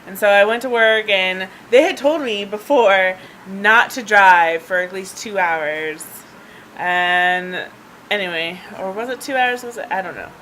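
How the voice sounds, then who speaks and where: A woman's voice: medium pitch, measured pace, pushed and bright, a little hiss or hum, low-quality recording. A woman vlogger telling a personal story in a rambling, chatty way, laughing often and filling gaps with ums and restarts, recorded on a handheld device. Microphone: handheld device camera.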